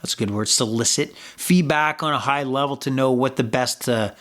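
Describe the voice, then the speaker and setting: Hosting a sports betting podcast, this man talks at a normal speed in a medium-pitched, slightly bright voice. He rambles loosely, leaning on plenty of fillers and casual swearing.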